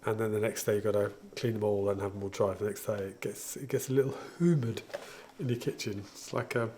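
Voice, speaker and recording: A man's voice: fairly low pitch, steady tone, fast, darkish tone, a little hiss or hum. A man, a home baker, chatting casually and jokingly as he demonstrates his favourite kitchen tools. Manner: chatty, jokey, enthusiastic. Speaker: home baker showing equipment.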